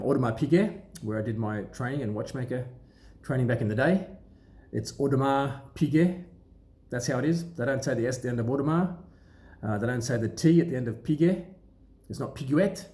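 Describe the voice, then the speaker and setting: A man, a trained watchmaker and dealer, explaining things casually to camera in a relaxed, rambling way with many pauses and restarts. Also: mid-range voice. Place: sunlit indoor room. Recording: echoey room.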